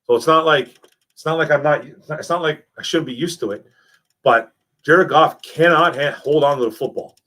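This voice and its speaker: A young man hosting a casual live stream, reading chat messages and talking football in a lively, repetitive way, calling people man and bro. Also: fairly high pitch, normal speed. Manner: animated, repeats himself, calls people man and bro.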